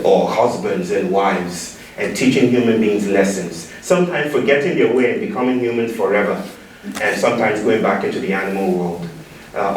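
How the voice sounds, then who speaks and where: A man's voice: on the low side, slight background noise. A man from Nigeria giving a keynote talk, playful and engaging the audience in call-and-response. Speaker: keynote speaker. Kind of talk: public talk. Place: large room with an audience. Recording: echoey hall, distant mic.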